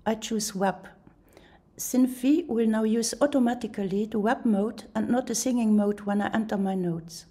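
Calm woman narrating a software tutorial. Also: fairly high pitch, moderate pace. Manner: calm, step-by-step instructional. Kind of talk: tutorial voice-over.

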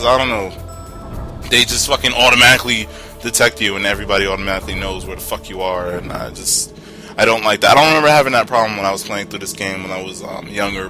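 A young man giving excitable, profane commentary while playing a video game, talking back to the characters on screen. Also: lowish voice. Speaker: gameplay commentator. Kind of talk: let's-play commentary. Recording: game music behind voice.

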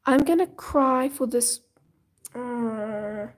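A woman's voice: a little high, very slow. A teenage girl casually chatting with viewers on a live stream while coloring, dramatic and chatty, often slipping into whispers.

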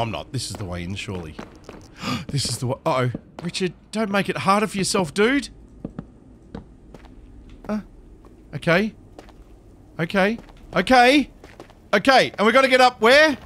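Streamer, male, high bright voice, wildly swinging pitch, excitable self-talk, faint background noise. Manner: excitable, talks to himself, yelps and laughs. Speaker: Minecraft streamer. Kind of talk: live gameplay commentary.

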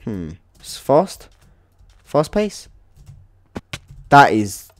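A man's voice: medium pitch, wildly swooping pitch, extremely slow, slight background noise. A young man hosting a game channel, giving let's play commentary in an exasperated, rambling way with swearing. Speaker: gaming channel host.

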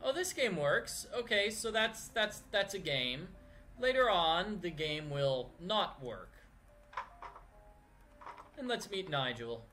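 A man's voice: sits high, very animated, over music. A man giving chatty, joking commentary while playing a video game. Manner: chatty, joking, drawn-out delivery. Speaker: let's play commentator. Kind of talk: casual gameplay commentary.

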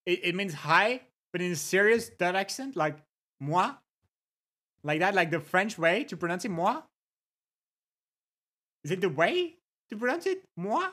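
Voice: mid-range voice, sing-song, brisk, fairly bright tone. A livestreamer in casual chat, reading viewer messages aloud, greeting people, and repeating words with amusement.

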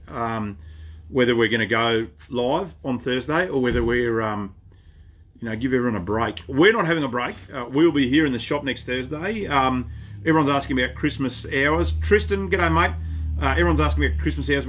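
A man's voice: medium pitch, a bit bright. An Australian man hosting a casual live stream from his shop, chatty and laid-back, greeting viewers by name as he talks. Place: inside his outdoor shop.

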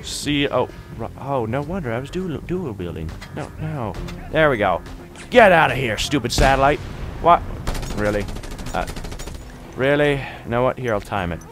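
Excitable teen boy gaming, lively pitch. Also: normal speed, over music. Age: teens. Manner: excitable, jokey, yelps and shouts at the game. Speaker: gaming YouTuber. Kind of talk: let's play commentary.

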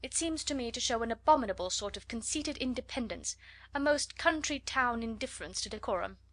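A woman voicing a haughty young society lady who mocks and flatters in a scornful, affected way, in a storybook reading. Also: fairly high pitch, brisk. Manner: scornful, mocking.

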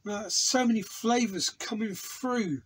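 A man's voice: high-pitched, a little slow, a little hiss or hum, rough recording. An English man reviewing hot sauce in a casual, enthusiastic, rambling way, tasting aloud in a home studio. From England. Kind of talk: casual product review vlog.

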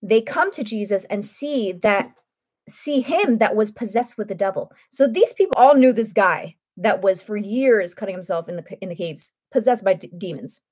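A woman teaching through a Bible passage in a lively, conversational way, often checking in with her listeners. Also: medium pitch, moderate pace, husky. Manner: animated, conversational, frequent "right?" asides.

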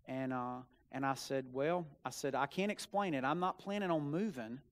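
A young man, a student minister, preaching a sermon built on a personal story, dropping to quiet asides and rising to loud emphatic bursts. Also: medium pitch, moderate pace. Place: church sanctuary.

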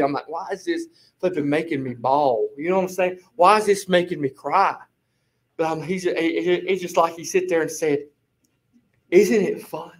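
High-voiced man telling a rambling story. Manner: animated, rambling storyteller, repeats "flipping" as a filler. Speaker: bible study group member. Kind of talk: casual testimony storytelling.

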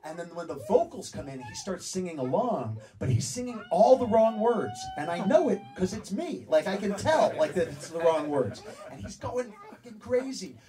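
A man's voice: sits high, wildly swooping pitch, normal speed, far from the mic, crowd noise, rough recording. A man telling a story to a live audience, acting out both sides of a back-and-forth conversation. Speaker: speaker telling a story on stage. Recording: stage talk from afar with audience.

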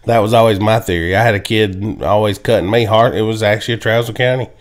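A man's voice: fairly low pitch, fairly even intonation. A man hosting a casual football chat, laughing often and telling stories. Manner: laid-back, laughs often, drawn-out stories. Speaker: podcast co-host. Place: home, indoors.

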